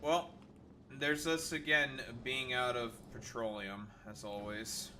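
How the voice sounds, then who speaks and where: A man's voice: medium pitch, slow, noisy background. A man streaming a game, chatting casually, swearing and trailing off mid-sentence. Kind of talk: casual gameplay commentary.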